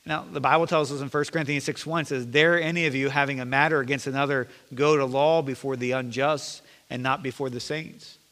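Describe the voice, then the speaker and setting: Bright-voiced preaching pastor, man. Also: medium pitch, steady tone, a little fast, few pauses. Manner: earnest preaching with self-deprecating jokes. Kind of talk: sermon. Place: church sanctuary. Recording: long reverb of a church sanctuary.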